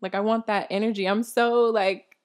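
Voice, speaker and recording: A woman's voice: medium pitch, fairly even intonation, moderate pace, a little mellow. A young adult woman hosting a podcast in casual chat, bubbly and laughing often. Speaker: podcast host.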